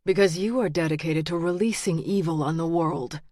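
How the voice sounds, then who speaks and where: A woman voicing a menacing male killer who speaks in a quiet, low, deliberate way. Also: dry recording, clean studio sound. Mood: cold menace. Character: menacing male killer, cold and self-righteous.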